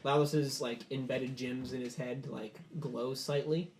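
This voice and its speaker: A man's voice: mid-range voice, steady tone, unhurried, a little mellow, slight background noise. Casual male game master narrating a tabletop session, filler-heavy delivery.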